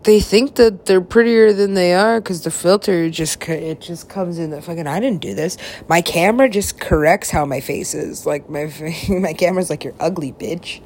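A woman's voice: on the low side, moderate pace, hardly any pauses, a little mellow, slight background noise. A woman rambling in a drifting, profane monologue that often drops to a whisper.

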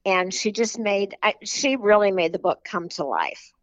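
Brief: woman author in an interview, chatty and rambling with fillers, mid pitch, dull dry recording. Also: lively intonation, normal speed, no echo. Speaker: children's book author. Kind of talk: casual interview talk.

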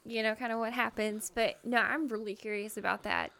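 Female co-host, smooth, slightly high voice, chatty and agreeable. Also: fairly even intonation, sharp tone. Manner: chatty, quick to agree and jump in. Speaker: podcast co-host. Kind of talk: casual podcast chat.

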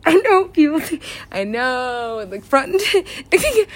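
Giggly young woman, lively swooping voice. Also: on the high side, unhurried. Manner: giggly, excitable, profane, trails off. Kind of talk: rambling storytelling.

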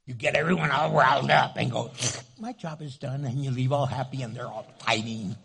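A man preaching a sermon as a pastor, from New Mexico, joking with the congregation and doing quick funny voices. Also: mid-range voice, gravelly, a crowd in the background.

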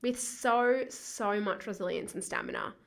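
An Australian woman, a school co-principal, speaking as a podcast guest in a bubbly, expressive way and laughing often. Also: medium pitch, a little slow, vocal fry. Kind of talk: podcast interview.

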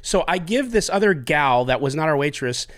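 A man's voice: a little high, lively intonation, moderate pace, a bit bright. A man hosting a podcast, telling a story in casual chat, rambling with restarts and acting out what people said. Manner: rambling, restarts and acts out quotes. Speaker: podcast host.

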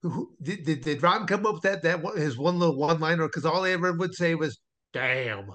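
A man hosting a podcast, with a voice a touch higher than most men. He talks in a loose, rambling way, often restarting his sentences mid-thought. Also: fast, fairly bright tone. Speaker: podcast host. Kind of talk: casual chat.

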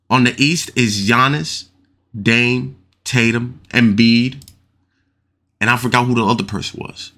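A man hosts a casual podcast alone, his mid-range voice a bit bright and his speed normal. He argues his points with mounting intensity, using lots of slang, repeating himself, and asking "you know what I'm saying" over and over.

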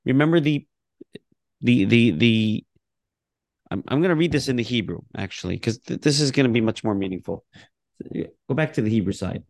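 A man's voice: medium pitch, lively intonation, moderate pace, creaky, long pauses, darkish tone, no room sound. A man teaching a casual lesson on a prayer book, reading passages aloud and explaining them with laughs and asides.

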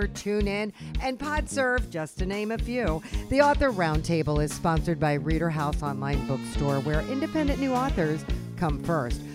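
A woman hosting a radio show interview in a lively, expressive way. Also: fairly low pitch. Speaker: host.

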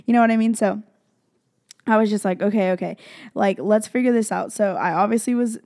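A woman's voice: medium pitch, brisk, warm tone, no room sound, studio quality. A young woman, a vlogger, telling a personal faith story in casual chat, full of fillers and emotional retelling. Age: young adult.

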